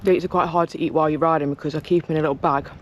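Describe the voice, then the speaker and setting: A woman's voice: sits low, fairly even intonation, very fast. A woman chatting casually to camera on a long countryside bike ride, talking to the animals she passes and to herself. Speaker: cycling vlogger. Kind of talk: casual vlog chat. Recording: outdoor wind and road noise.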